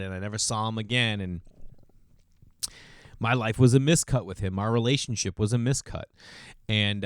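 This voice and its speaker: A man in his forties telling rambling, self-deprecating stories in a casual monologue, clearing his throat now and then. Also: no room sound, studio quality. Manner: rambling, self-deprecating, gets louder and higher when excited. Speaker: podcast host.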